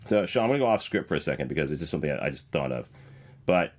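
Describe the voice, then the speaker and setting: A man in his forties hosting a podcast, interviewing a guest in a friendly, joking, relaxed way. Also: a bass voice, very fast. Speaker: podcast host.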